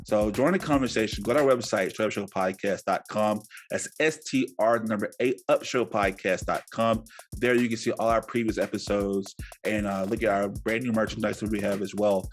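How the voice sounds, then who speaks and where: A man's voice: lowish voice, fairly even intonation, brisk, soft background music. A man hosting a casual podcast, talking earnestly and encouragingly, with many fillers. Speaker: podcast host.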